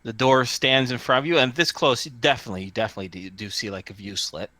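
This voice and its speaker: A man's voice: medium pitch, expressive, fast, sharp tone, no echo. A man narrating as game master of a tabletop role-playing game, describing scenes with many fillers and restarts.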